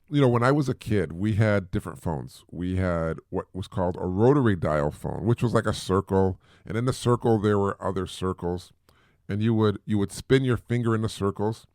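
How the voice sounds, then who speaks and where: A middle-aged man talks through everyday advice in a low, gravelly voice, chatty and prone to repeating himself. The sound is dry and close, with no room around it. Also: darkish tone, no room sound. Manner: chatty, repeats words, mimics voices for effect. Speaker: podcast host. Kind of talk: casual advice talk.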